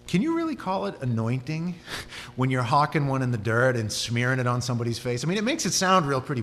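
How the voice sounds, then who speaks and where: Animated male preacher in a reverberant hall. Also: medium pitch, fast talker. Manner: animated storytelling, voice rising and dropping. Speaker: pastor. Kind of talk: sermon. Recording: hall reverb with faint hum.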